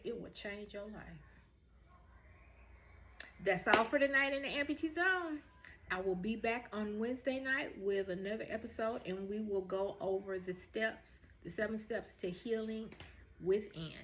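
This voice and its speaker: A woman's voice: medium pitch, a bit bright, slight background noise. A woman hosts a heartfelt motivational talk to her viewers, speaking earnestly and encouragingly. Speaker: host.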